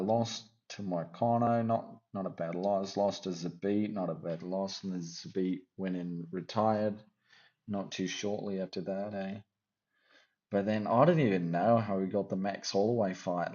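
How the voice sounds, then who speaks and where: Man, fight-picks host, casual, jokey, rambling, low voice, muffled lo-fi sound. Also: measured pace, darkish tone. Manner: jokey, rambling, teasing asides. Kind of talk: casual fight-prediction chat.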